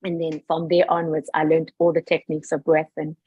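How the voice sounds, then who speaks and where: A woman telling a personal family story in casual chat, animated and acting out the quoted dialogue. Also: low voice, a little fast, husky, no echo, lo-fi sound.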